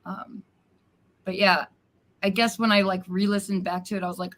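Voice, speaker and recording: A woman's voice: lowish voice, fairly even intonation, moderate pace, fairly bright tone. A woman joining a live stream as a guest, talking things through in a reflective, searching way with many fillers. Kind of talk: casual chat.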